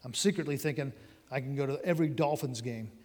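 A man's voice: mid-range voice, fast, a little mellow. A middle-aged man telling his personal testimony in a conversational sermon, addressing his listeners directly. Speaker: preacher giving testimony. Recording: long hall reverb.

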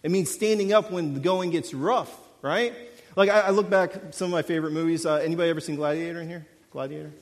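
A young man preaching a sermon, talking casually and animatedly, rising loud and dropping quiet. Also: a little high, fast. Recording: long hall reverb.

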